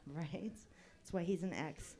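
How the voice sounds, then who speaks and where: A woman's voice: fairly low pitch, measured pace, a crowd in the background. Wry woman doing stand-up comedy. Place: open mic stage.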